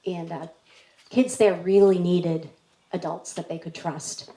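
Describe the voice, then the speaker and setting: A woman's voice: lowish voice, steady tone, slow pace, warm tone. A woman hosting a community storytelling event, playful, telling children's jokes between stories. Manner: playful, tells kids' jokes with acted voices. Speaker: event emcee. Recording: echoey hall.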